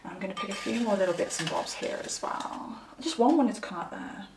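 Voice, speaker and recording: A woman's voice: medium pitch, expressive, brisk, echoey room, recorded from a distance, noisy background. A young woman chatting candidly to her viewers while giving a pick-a-card tarot reading. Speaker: tarot reader.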